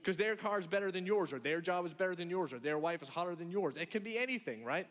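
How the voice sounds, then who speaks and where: A man's voice: high-pitched, expressive, fast talker, a bit bright. A man preaching a sermon in a conversational way, asking the audience questions and acting out reactions. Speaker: pastor. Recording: long hall reverb.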